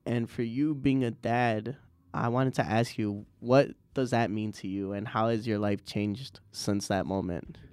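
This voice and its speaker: Host, man, smooth resonant voice on a dry close mic, relaxed slangy interviewer. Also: lowish voice, a little slow, no room sound. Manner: slangy, laughs often, says bro a lot. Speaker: podcast host. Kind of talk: casual interview chat.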